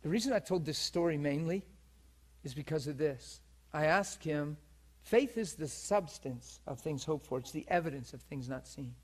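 A man's voice: fairly high pitch, expressive, normal speed, husky. A man preaching, telling a personal story to a congregation and often checking that his listeners follow him. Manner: intimate storytelling that swings from hushed and tearful to loud and laughing. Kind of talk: sermon storytelling.

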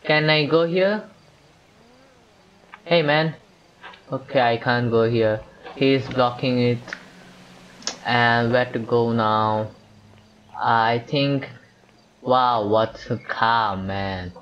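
A man's voice: medium pitch, slow pace, long pauses, lo-fi sound. A man gives casual commentary on a video game he is playing, rambling and talking to himself and to the characters on screen. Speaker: gameplay commentator. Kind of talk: casual let's-play commentary.

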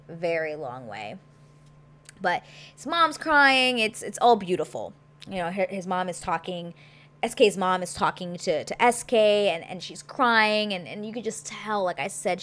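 A woman's voice: medium pitch, fairly bright tone. A woman hosting a casual TV recap, chatty and gushing, with plenty of fillers. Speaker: show recap host.

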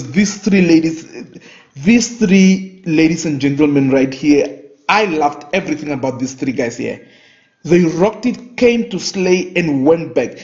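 Opinionated man reviewing fashion. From Namibia. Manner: opinionated, animated, with big pitch swings. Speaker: fashion vlogger. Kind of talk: casual fashion commentary. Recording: dull lo-fi recording.

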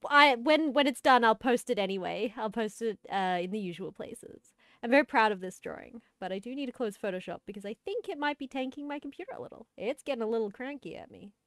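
A woman's voice: high-pitched, a bit bright, no room sound, studio quality. A woman hosting a livestream, chatting casually and giggling while she plays with friends and apologizes often. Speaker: streamer and host.

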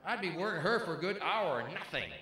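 Comic guy in his 50s doing a stand-up set, bit high pitched, big crowd audible, room echoing a lot. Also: big pitch swings. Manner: punchy, teasing crowd work with quick jokes. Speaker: stand-up comedian. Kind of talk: stand-up comedy routine. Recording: live club, echoey with crowd noise. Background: audience laughter.

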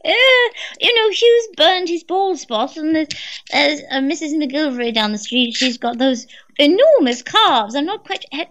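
A dithering elderly mother rambles and loses track of who she is talking to, as a woman puts her on. Her voice sits high and bright, and she hesitates on every other word. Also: very animated, a little slow, dull audio, full character voice. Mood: flustered. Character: elderly confused mother on phone.

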